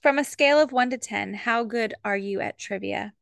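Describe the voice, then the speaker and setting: A woman's voice: a little high, normal speed, creaky, a bit bright, no room sound. A woman co-host asking questions in an upbeat, giggly way. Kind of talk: casual chat.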